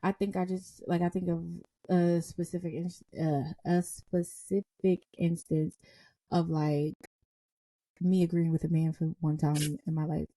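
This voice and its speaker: A young woman co-hosting a casual podcast, an animated and self-described dramatic storyteller. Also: fairly low pitch, unhurried, no room sound. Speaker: podcast co-host.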